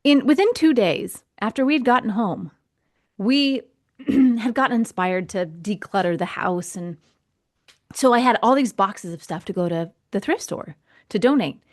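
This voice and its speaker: Woman, podcast host, casual storytelling, animated, acts out voices. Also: mid-range voice, normal speed. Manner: animated, acts out quoted voices, laughs often.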